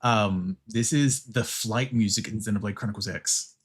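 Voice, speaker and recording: A man hosting his stream, chatting in a relaxed, apologetic way while catching up with chat. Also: lowish voice, moderate pace, breathy edge. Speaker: streamer, channel host.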